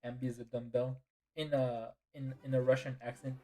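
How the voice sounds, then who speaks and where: A man's voice: mid-range voice, level tone, a little fast, warm tone, rough recording. A tired man streaming a game and chatting casually with viewers. He yawns, answers chat, and apologizes often. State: tired and yawning.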